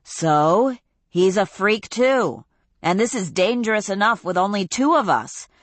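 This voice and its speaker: Scornful tough girl, woman narrator; forceful, blunt, slow. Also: mid-range voice, animated, dry recording, pitched above the performer's own voice, natural voice.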